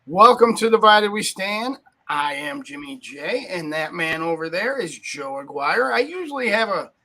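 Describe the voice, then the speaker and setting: Angry, gravelly high-voiced man. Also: bright, forceful tone, rough recording. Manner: angry, profane, keeps asking "right?". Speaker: podcast host. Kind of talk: heated political talk.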